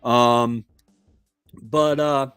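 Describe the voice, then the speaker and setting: A man from Florida who hosts a homestead live stream, telling a casual story in a meandering, halting way. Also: medium pitch, steady tone, a bit bright, clear, resonant tone, no room sound, soft background music. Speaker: homestead channel host.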